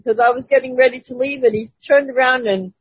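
A woman's voice: sits high, fairly even intonation, brisk, husky, no echo. A woman casually telling a personal testimony to her church group, chatty and laughing between phrases, over a dull lo-fi call. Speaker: church member giving a testimony.

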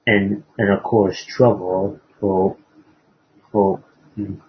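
A man preaching, retelling a moral story in a halting way with many fillers and restarts. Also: low voice, flat delivery, background noise. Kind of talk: sermon storytelling. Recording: dull lo-fi recording.

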